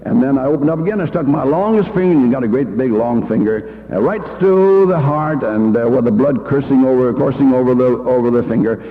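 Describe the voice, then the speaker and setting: A man's voice: mid-range voice, fairly quick, few pauses. An older man and church education leader giving a folksy, anecdotal talk full of homespun stories and fillers, heard on an old reel-to-reel recording. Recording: tinny old reel-to-reel in a hall.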